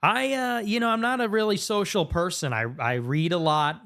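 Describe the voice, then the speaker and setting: A man as a podcast guest, recounting a story in a fast, animated way with sudden pitch jumps. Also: creaky, clean tone. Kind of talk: casual storytelling interview. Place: podcast studio.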